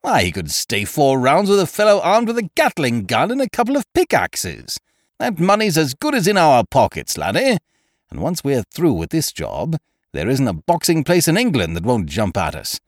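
A man's voice: on the high side, wildly swooping pitch, normal speed, no room sound, studio quality, pitched above the performer's own voice. A man voicing a boisterous, scheming young man, full of big plans, who talks in a hearty, breezy way. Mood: exuberant. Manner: hearty, breezy, calls people "old horse" and "laddie".

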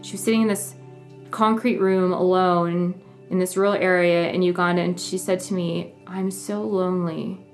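Earnest young woman, low gravelly voice. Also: flat delivery, soft background music. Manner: earnest, emotional, halting with restarts. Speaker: journalist. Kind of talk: personal storytelling interview.

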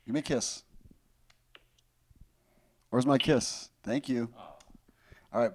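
A man who is a comedian and podcast co-host, talking in a relaxed, affectionate, chatty way. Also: medium pitch, slow pace, long pauses. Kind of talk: casual podcast chat.

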